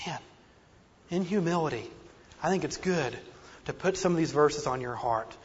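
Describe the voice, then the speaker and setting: A man's voice: a little high, animated, normal speed, slightly rough. A man preaching a sermon with earnest, self-deprecating emphasis and a slight speech impediment. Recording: dull lo-fi recording in a reverberant hall.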